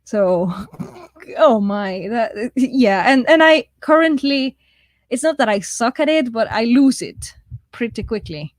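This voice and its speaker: A chatty woman with a mixed, shifting accent hosts a live writing stream, reading viewer comments aloud and laughing at herself. Her voice sits a little high and sounds dry and close. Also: animated, slow, no room sound. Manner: chatty and self-deprecating, laughs often. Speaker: livestream host of a writing write-in.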